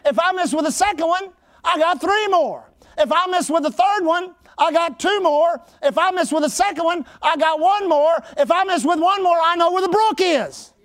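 A male pastor preaching an emphatic sermon, often shouting his exhortations. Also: extremely high pitch, normal speed.

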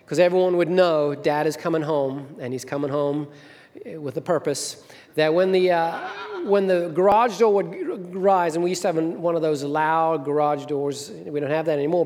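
With a slightly high, gravelly voice, steady tone and moderate pace, the middle-aged senior minister preaches through stories. He voices the people in his anecdotes as the church hall rings with long reverb.

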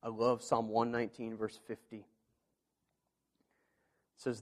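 A man preaching a sermon as pastor, earnest and conversational, swinging between quiet, intimate asides and loud, emphatic passages. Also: medium pitch, completely flat delivery, measured pace. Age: parent of children. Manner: earnest, with conversational fillers and restarts.

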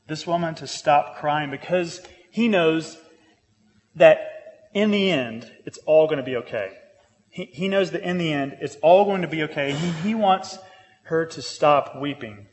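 A man preaching a sermon, earnest, repeating phrases for emphasis and turning lively when he jokes. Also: fairly high pitch, in a large hall. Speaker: pastor.

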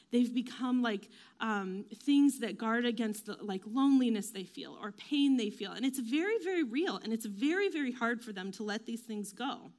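A woman giving a casual faith talk, chatty and self-deprecating, with lots of fillers and quick acted-out quotes. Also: fairly high pitch, darkish tone. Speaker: devotional speaker.

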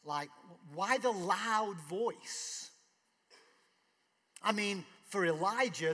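A man's voice: high-pitched, slow pace, fairly bright tone, in a large hall. A man preaching a sermon in a conversational way, asking rhetorical questions. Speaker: pastor.

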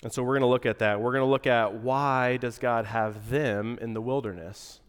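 A male pastor with a stuffy, nasal voice from a cold, preaching in a relaxed, conversational way with asides. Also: medium pitch, moderate pace, clear, resonant tone, in a large hall. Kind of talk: sermon.

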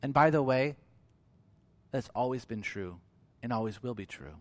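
A man preaching a sermon in an animated way, acting out quoted voices with big swings in pitch and loudness. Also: normal speed. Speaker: pastor.

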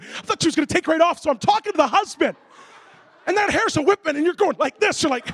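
A man preaching a sermon as a lively story, acting out voices and making comic sound effects. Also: very high-pitched, fast talker. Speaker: pastor.

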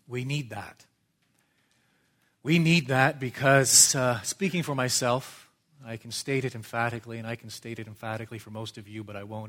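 A middle-aged man preaching a sermon in a church, measured and earnest, rising for emphasis and dropping low for quiet asides.

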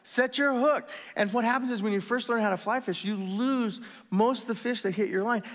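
A man preaching a sermon in a lively storytelling manner, acting out quoted voices with sudden loud bursts and quiet asides. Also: very high voice, moderate pace, long reverb tail. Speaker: pastor.

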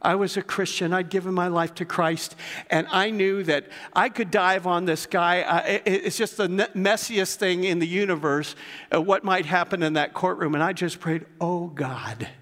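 A man's voice: high voice, steady tone, moderate pace, fairly bright tone. An older man preaching a sermon as pastor, telling stories earnestly and building to emphatic passages. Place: church sanctuary. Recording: long reverb of a church hall.

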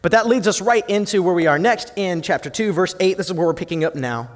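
Man, high voice, animated sermon delivery, long reverb of a hall. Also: quick pace. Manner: animated, wide swings from loud and lively to soft and low. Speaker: pastor.

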